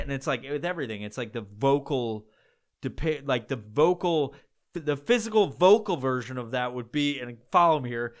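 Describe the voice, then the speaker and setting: Profane, rambling male podcast host. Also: mid-range voice. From upstate New York. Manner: profane, digressive, full of restarts. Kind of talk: casual rambling monologue.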